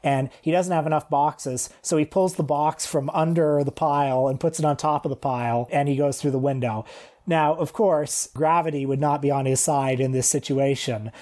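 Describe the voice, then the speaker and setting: A man co-hosting a podcast, chatting casually about cartoons with wry, animated storytelling. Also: a little high, moderate pace. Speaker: podcast co-host. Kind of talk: casual film-discussion chat.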